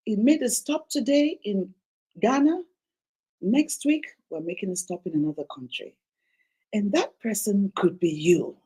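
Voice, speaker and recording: A woman hosting a talk show, speaking in an animated, exhortative way to her audience. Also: sits high, breathy edge, rough recording. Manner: animated and exhortative, acting out quoted voices. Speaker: host.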